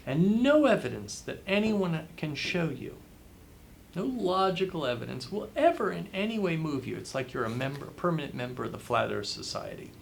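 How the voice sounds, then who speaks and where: The speaker is a man interviewed as a guest author, whose fairly high, expressive voice carries vocal fry at a moderate pace. He hands out motivational advice emphatically, repeating phrases for effect, and there's slight background noise.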